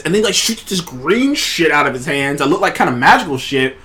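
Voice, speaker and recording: Man, host, high voice, very animated, rambling and excited, casual swearing. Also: fairly quick, hardly any pauses. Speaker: show host. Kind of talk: casual trailer review.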